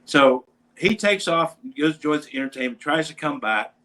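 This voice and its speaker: A man hosting a casual show, telling a rambling, animated anecdote about meeting a band. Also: on the high side, moderate pace, low-quality recording. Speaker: podcast host; bass player in a metal band. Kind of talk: casual storytelling chat.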